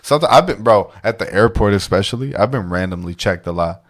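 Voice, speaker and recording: A man in casual podcast chat, telling lively stories and acting out the people he quotes. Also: fairly low pitch, fast. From Mexican heritage. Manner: animated storyteller, acts out quoted exchanges. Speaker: podcast guest.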